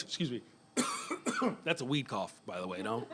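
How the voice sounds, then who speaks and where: A man's voice: mid-range voice, sing-song, a little slow, pauses often, sharp tone. A man in his fifties from Northern California doing loose, profane live stand-up comedy in a small club, chuckling at his own jokes. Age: 50s.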